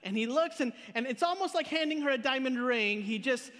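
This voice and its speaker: High-voiced man preaching in a reverberant hall. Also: a little fast. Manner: animated storytelling with repeated words and big pitch swings. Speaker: pastor. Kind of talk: sermon. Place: church auditorium. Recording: live in a church hall with long reverb.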